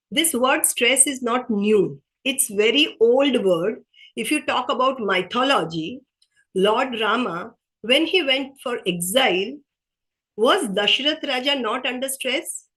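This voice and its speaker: Woman, unhurried webinar speaker, slightly high voice, earnest and repetitive. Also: a bit bright, poor audio. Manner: slow, earnest, repeats key phrases. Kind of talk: motivational workshop talk.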